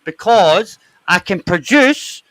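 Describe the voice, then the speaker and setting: A Scottish man in his forties, joking loudly and bantering in a rowdy live chat. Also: high voice, animated, takes it slowly, dry recording, poor audio. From Scotland. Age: 40s. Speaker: chat guest.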